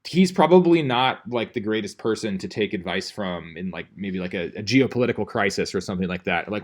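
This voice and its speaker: A man's voice: fairly low pitch, expressive, a little fast, few pauses. Rambling male teacher giving a casual lecture. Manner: rambling, conversational, many fillers and restarts.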